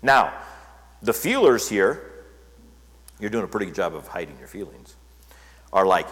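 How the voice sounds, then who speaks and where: Low-voiced male pastor in a reverberant hall. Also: lively intonation, normal speed, pauses often. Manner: conversational, checks in with listeners. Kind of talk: sermon.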